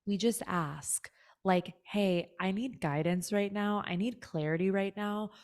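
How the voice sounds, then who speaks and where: A woman's voice: mid-range voice, unhurried, a little mellow. A woman speaking as a podcast guest, a spiritual guide, talking in an earnest, reflective way and saying "like" often. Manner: earnest and reflective, fills talk with "like". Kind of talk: casual chat.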